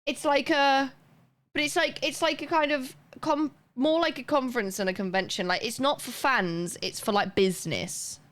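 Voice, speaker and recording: A woman's voice: high voice, normal speed, a bit bright. A young woman livestreaming, chatting casually and rambling as she reads chat aloud and thanks viewers.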